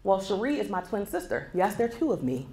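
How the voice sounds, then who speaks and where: A woman's voice: medium pitch, quick pace. A woman in her forties giving a motivational keynote speech, telling a personal story and speaking straight to the audience. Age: 40s. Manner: animated storytelling, addresses the audience directly. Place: conference hall before a live audience. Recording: echoey hall with faint background noise.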